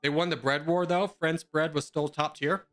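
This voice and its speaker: A young man with a slightly high voice chatting casually over a game, full of dry jokes and sarcasm. Faint music plays behind him. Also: fairly even intonation, moderate pace, fairly bright tone. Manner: joking and sarcastic. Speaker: gamer in voice chat. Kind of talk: casual gaming chat.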